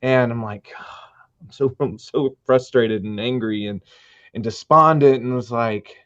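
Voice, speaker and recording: A man's voice: medium pitch, measured pace, no echo. Earnest middle-aged man telling his story. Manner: earnest storytelling, animated retellings. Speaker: musician guest. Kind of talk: casual interview chat. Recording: dull dry sound.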